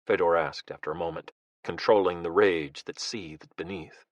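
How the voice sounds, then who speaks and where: A man reading a thriller audiobook in a steady, measured narration. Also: low-pitched, no room sound, dull audio.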